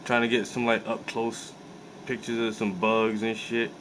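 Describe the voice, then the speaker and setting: Dude telling a wild story in aave, relaxed and cussing, bit of hum in the room. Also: male voice, on the low side, a little slow. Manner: animated, profane, laid-back storytelling with many fillers. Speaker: host. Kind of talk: casual storytelling.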